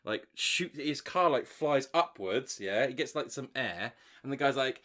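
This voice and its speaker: A man's voice: medium pitch, expressive, measured pace, pushed and bright. A man co-hosting a podcast, telling a long story in casual chat, rambling with restarts and swearing. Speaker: podcast co-host.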